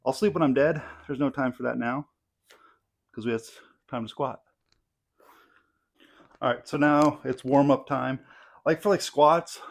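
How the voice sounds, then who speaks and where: A man's voice: fairly low pitch, vocal fry. Young guy vlogging his lift in the garage, tired, kinda rambly, lots of uh and like. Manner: relaxed, rambling, many fillers. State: tired, out of breath between sets. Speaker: strength athlete vlogging his training. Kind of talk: casual training vlog. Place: home garage gym. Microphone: clip-on mic.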